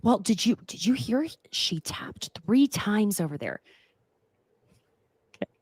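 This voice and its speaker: A young woman hosts a relaxed reality-show recap, trading sarcastic asides and laughing often. Her voice sits at an ordinary pitch. The sound is close and dry, with no room around it. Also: slow, slightly rough, no echo. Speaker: podcast host.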